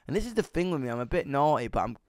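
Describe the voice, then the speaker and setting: A young man, a musician guest, telling stories in a lively, sweary, casual way, often acting out the voices of others. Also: fairly high pitch, very fast, dry recording, clean studio sound. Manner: animated, swears a lot, acts out voices. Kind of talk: casual storytelling interview.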